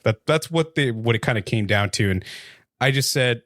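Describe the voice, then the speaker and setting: A man co-hosting a podcast, talking in a measured, frank way about his frustrations. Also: mid-range voice, animated, fairly bright tone, no echo, studio quality. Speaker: podcast co-host. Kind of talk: casual chat.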